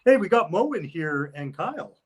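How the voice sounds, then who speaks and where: A man's voice: a little high, big pitch swings, normal speed, a little hiss or hum, low-quality recording. Rambling man chatting as a guest. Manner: loose, rambling, lots of "like". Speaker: guest, wrestler. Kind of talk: casual interview chat.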